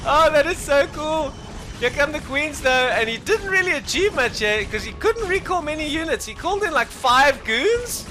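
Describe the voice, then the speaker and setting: A man casting a strategy game match alone, excitable and jokey, dropping to mumbled asides and then bursting out loud. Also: very high-pitched, moderate pace. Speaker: esports caster. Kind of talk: solo game commentary.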